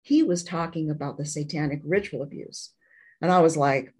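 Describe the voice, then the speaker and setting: A woman's voice: sits low, a little mellow, husky, low-quality recording. Earnest woman telling a personal story. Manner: candid and earnest, with halting restarts. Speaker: interview guest.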